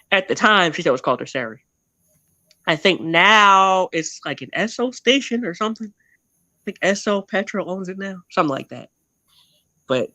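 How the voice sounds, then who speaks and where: A man's voice: on the high side, pushed and bright, dry recording. A man telling his family history as a guest in a casual interview, rambling and often correcting himself mid-sentence.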